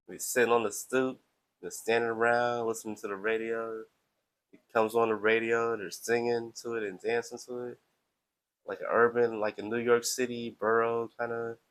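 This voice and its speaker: A man talks straight to his live-stream audience in a relaxed, rambling monologue. He is playful and chatty and keeps selling himself to the viewers. His voice sits at an everyday middle pitch. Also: rough recording. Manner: playful, chatty, self-promoting.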